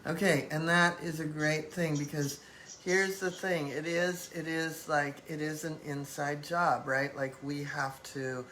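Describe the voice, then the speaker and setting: A woman's voice: deep voice, fairly even intonation, measured pace, fairly bright tone, a little hiss or hum, poor audio. A woman hosting a live-stream talk, speaking reflectively in loose phrasing with many fillers. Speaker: host.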